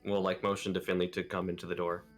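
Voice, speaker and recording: A man's voice: deep voice, little pitch movement, fast talker, soft background music. A man playing a tabletop game, speaking bluntly and expressively in character. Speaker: player.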